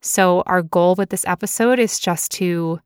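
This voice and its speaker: A woman co-hosting a casual podcast, playful and quick to laugh as she explains things at length. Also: on the low side, smooth, no room sound, clean studio sound. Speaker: podcast co-host.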